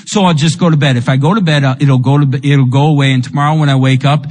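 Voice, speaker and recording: A man's voice: medium pitch, fairly even intonation, fast, a little mellow. A man giving a raw, emotional recovery testimony, telling his story with lots of "like" and "you know.". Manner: emotional, with bursts of rueful laughter. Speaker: speaker sharing a recovery testimony. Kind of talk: personal testimony talk. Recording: long hall reverb.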